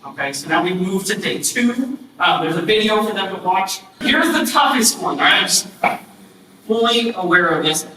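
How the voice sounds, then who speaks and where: Man, high bright voice, casual trainer, lots of ums and okays, echoey room, far from the mic. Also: lively intonation, normal speed, noisy background. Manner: casual, repeats himself, many ums, checks in with okay. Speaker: ministry trainer. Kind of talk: training talk to youth leaders.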